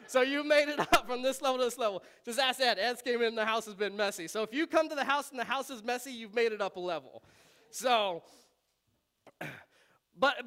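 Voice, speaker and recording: A man, a pastor, preaching a conversational sermon in a relaxed, chatty way, often laughing and with frequent ums. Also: extremely high pitch.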